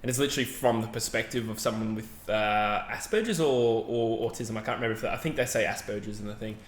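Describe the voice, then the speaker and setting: A man's voice: lowish voice, fast talker. Rambling man, echoey room. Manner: rambling, hedging, self-correcting. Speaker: podcast co-host. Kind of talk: casual chat. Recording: roomy echo, faint background ambience.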